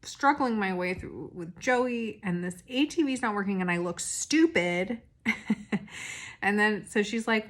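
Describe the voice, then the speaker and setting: A woman's voice: medium pitch, measured pace, a bit bright. A young woman recapping a reality dating show in a rambling, casual monologue full of fillers and restarts. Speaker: recap podcast host.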